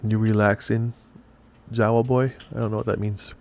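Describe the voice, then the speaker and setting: A man's voice: fairly low pitch, level tone, normal speed, gravelly, a little mellow, a little hiss or hum. A middle-aged man from upstate New York hosting a hobby painting video. He talks in a rambling, chatty way as he explains his work. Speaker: miniature painting host. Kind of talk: casual chat while painting.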